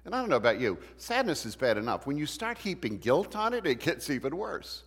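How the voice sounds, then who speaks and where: A man's voice: a little high, sing-song, brisk, a bit bright, slightly rough. A man teaching a church Bible class in a conversational way, asking the class questions as he goes. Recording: long hall reverb.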